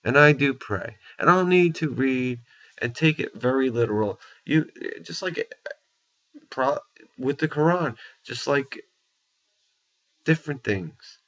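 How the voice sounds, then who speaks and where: A man's voice: medium pitch, expressive, a little slow, long pauses, fairly bright tone. A man in an angry, profane rant, blunt and repetitive, tagging his points with "okay?" and "you know". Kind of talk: angry opinion rant to camera. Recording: dull lo-fi recording.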